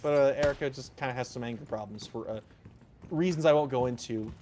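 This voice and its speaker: A man's voice: medium pitch, fast, very noisy. A man streaming a game, chatting casually in a rambling, stumbling way. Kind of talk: casual chat while gaming. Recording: loud game music and gunfire behind.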